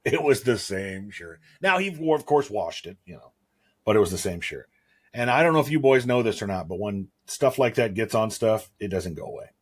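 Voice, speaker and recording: A man co-hosting a podcast, telling a story in an animated way and laughing into his lines. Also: fairly low pitch, a little fast. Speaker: podcast co-host. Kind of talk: casual chat.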